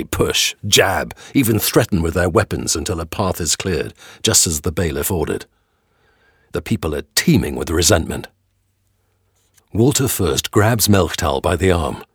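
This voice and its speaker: A man narrating a dramatic audio storybook with expressive storytelling. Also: low voice, slightly rough, no room sound, studio quality.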